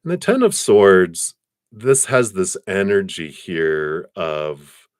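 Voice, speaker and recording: Low-voiced man giving a rambling tarot reading. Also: big pitch swings, slow pace, clear, resonant tone, dry recording, studio quality. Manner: spiritual, rambling, many fillers; acts out quoted voices with big pitch jumps. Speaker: tarot card reader. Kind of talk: live-stream card reading.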